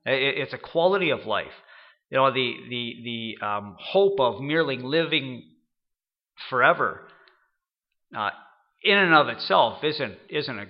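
A man giving an unscripted sermon, halting often and repeating words as he goes. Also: mid-range voice, lively intonation, highs cut off. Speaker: preacher.

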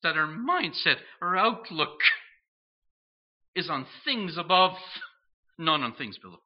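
A man's voice: on the high side, big pitch swings. Earnest preacher man, lo-fi sound. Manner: earnest, questioning, pausing between phrases. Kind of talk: sermon. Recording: dull lo-fi sound.

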